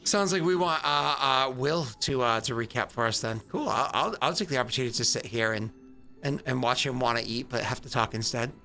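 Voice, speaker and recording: A man's voice: mid-range voice, fairly quick, sharp tone, faint music behind. A man hosting a tabletop game stream, chatting casually and rambling with lots of fillers. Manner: rambling, many fillers and restarts. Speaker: stream host. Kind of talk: casual pre-game chat.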